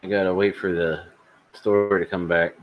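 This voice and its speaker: A man's voice: low voice, little pitch movement, normal speed, narrow, tinny audio. A man co-hosting a casual tech podcast, blunt, sarcastic and profane in his remarks. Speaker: podcast co-host.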